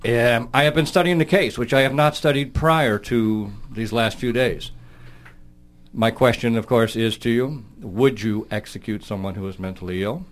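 A man's voice: mid-range voice, moderate pace. A man co-hosting a political talk radio show, making his case emphatically and pressing questions on the others.

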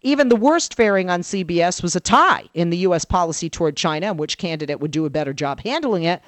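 A woman political commentator, a guest on a radio talk show, telling an animated story and acting out the dialogue she quotes. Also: on the low side, quick pace, no echo.

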